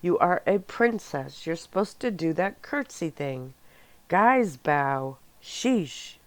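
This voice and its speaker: A woman voicing a mock-formal, fussy young werewolf man in a soft-spoken ASMR audiobook reading. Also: fairly low pitch, expressive, slow pace, no echo.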